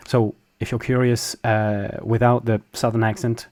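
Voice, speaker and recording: A French man, a native speaker of French, gives a casual pronunciation lesson in a voice of middling pitch. He explains patiently and breaks sounds down, repeating each one slowly so the learner can follow. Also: steady tone, a little mellow. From France.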